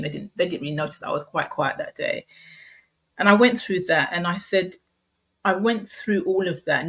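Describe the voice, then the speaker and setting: A middle-aged woman calmly recounting a painful personal experience, speaking softly with halting restarts and fillers. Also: on the low side, breathy edge. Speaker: guest sharing a personal story. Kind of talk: candid personal storytelling.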